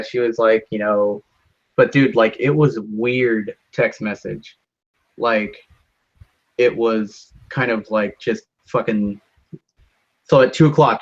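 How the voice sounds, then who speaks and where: Rambling young man, dull lo-fi sound. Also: mid-range voice. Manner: rambling storyteller, many fillers and swearing. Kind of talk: casual chat with a friend.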